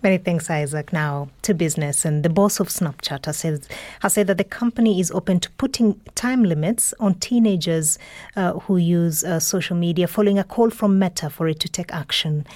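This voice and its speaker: A woman presenter reading scripted radio news headlines in a measured, formal way. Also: on the low side, mellow, no room sound.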